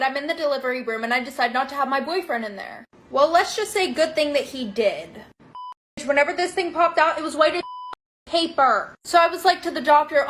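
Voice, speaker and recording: High-voiced young woman telling a storytime. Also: animated, brisk, a bit bright. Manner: chatty, blunt, swears freely, quotes people in asides. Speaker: TikTok storyteller. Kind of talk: casual storytime monologue.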